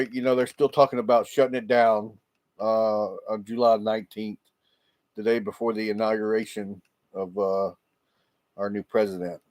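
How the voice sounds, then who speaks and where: A man chatting casually on a livestream, rambling and laughing often. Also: mid-range voice. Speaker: livestream host. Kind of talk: casual live chat with viewers. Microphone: laptop microphone.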